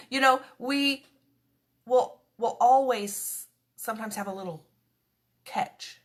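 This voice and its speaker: A woman's voice: a little high, takes it slowly. A woman giving a conversational devotional talk, chatty and earnest, slipping into little quoted prayers as she teaches. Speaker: devotional speaker.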